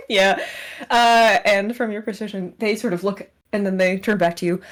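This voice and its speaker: A woman narrating as game master of a tabletop role-playing game, often breaking into giggles and quick asides. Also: medium pitch, fairly even intonation.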